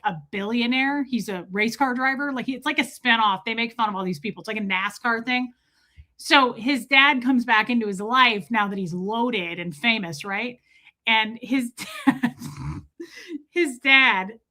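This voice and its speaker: A woman hosting a casual livestream, reading viewer comments and telling stories with frequent laughter. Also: fairly high pitch. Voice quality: chatty, laughs often, animated storytelling. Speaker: livestream host.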